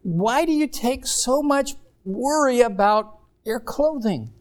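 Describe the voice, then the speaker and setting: A man preaching a sermon, telling stories in a rambling, animated way with many restarts. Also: very high voice, slow. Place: congregation in Mexico.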